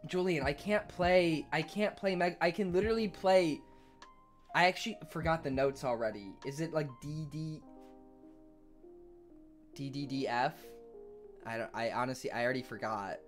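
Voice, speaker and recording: A male streamer reads his chat and rambles casually in a slightly high voice at normal speed, pausing often. He swears offhandedly and laughs easily, with faint piano playing in the background.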